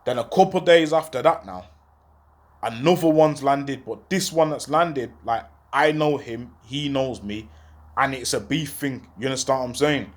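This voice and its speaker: A young man tells a long personal story in heavy street slang. He keeps the telling animated and drops into the voices of the people he is quoting. His voice sits at an ordinary middle pitch for a man. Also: moderate pace. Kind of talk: storytelling monologue.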